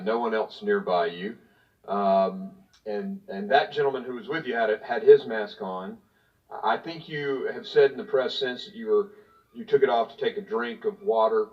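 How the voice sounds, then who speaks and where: A man's voice: lowish voice, normal speed. Pointed congressman heard from afar. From Tennessee. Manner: pointed, partisan, reading from notes. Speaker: congressman questioning a witness. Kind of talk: prepared remarks at a hearing. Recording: distant, dull hearing-room audio.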